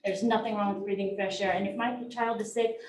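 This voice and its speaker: A woman's voice: medium pitch, steady tone, fairly quick, a crowd in the background. A woman, a parent, giving an impassioned, defiant public comment at a meeting. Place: large meeting hall. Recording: echoey hall, distant mic, faint noise.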